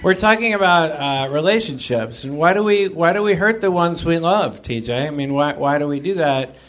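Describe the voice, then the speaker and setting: Married man, casual host, halting and repetitive delivery, high voice. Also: expressive, fairly bright tone. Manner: halting, repeats words, restarts often. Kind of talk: casual discussion.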